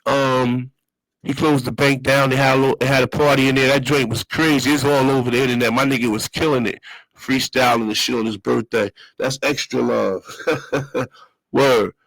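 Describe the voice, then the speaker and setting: A man's voice: mid-range voice, fairly even intonation, moderate pace, fairly bright tone, no room sound, rough recording. A man hosting his own show, telling a loose, slang-heavy story in a casual monologue and repeating his phrases. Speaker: show host.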